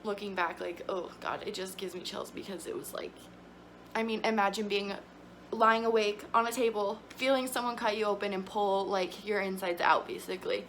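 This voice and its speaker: A woman's voice: mid-range voice, steady tone, normal speed, a bit bright, slight background noise. A young woman vlogging, telling her story in a chatty, emotional way with lots of fillers. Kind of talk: casual storytelling to camera.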